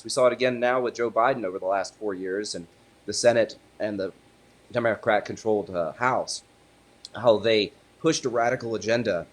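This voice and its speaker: A man's voice: fairly low pitch, moderate pace. A man, an attorney, giving a political interview in an emphatic, argumentative way. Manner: emphatic, builds to forceful punchlines.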